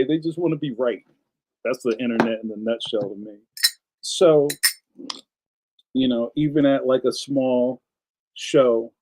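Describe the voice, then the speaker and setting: A middle-aged man hosting a casual live stream, ranting in an animated way and reading viewer comments aloud. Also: on the high side, low-quality recording. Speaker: live stream host, cartoonist.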